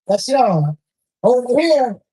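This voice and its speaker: A woman's voice: fairly high pitch, sing-song, takes it slowly, mellow, slightly rough, low-quality recording. A woman hosting a live poetry show on stage into a handheld mic, with loose, profane banter and frequent laughs. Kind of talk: casual live emcee banter.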